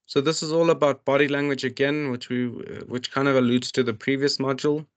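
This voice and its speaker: A man's voice: medium pitch, level tone, fairly quick. A man tutoring, reading out workbook questions and explaining each one, with many restarts and fillers. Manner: reads questions aloud then explains them. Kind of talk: walking students through a workbook.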